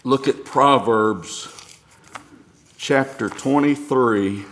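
A man's voice: medium pitch, very slow, fairly bright tone. A middle-aged male pastor preaching a sermon, reading scripture aloud and building to emphatic points.

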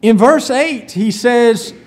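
Animated high-voiced male preacher. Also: slow. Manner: animated storytelling, rhetorical questions. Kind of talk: sermon.

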